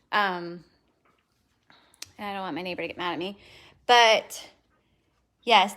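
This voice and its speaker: A woman chatting casually on a live stream from her home, breaking off to coax her dogs in a high voice. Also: a bit bright. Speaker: home dog breeder.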